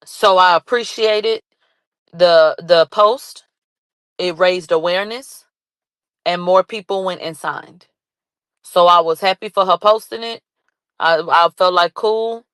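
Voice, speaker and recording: A woman giving excited live commentary, reading posts and chat aloud, laughing and shouting in bursts. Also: fairly low pitch, slow pace, pauses often, clear, resonant tone, dry recording. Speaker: commentary vlogger.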